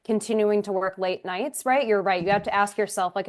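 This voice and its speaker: A young adult woman co-hosting a podcast, frank and chatty and quick to react in casual talk. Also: medium pitch. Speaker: podcast co-host. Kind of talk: casual chat.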